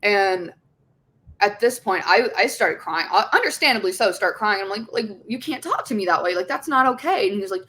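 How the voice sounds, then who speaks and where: A woman's voice: medium pitch, animated, a little fast, pushed and bright, husky. A young woman as an interview guest, candidly telling a personal story, swearing often and acting out the voices of others. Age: young adult.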